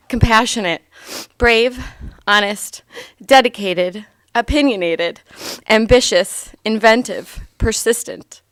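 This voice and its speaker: A woman in her thirties reading a eulogy for her grandfather aloud, heartfelt and gently humorous. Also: a little high, no echo.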